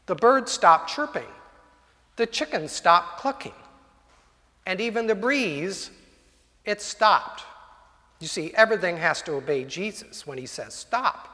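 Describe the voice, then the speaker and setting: A man's voice: high voice, animated, measured pace, long pauses, pushed and bright. A male preacher telling a story in a sermon, vivid and dramatic, in a church hall. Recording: long hall reverb.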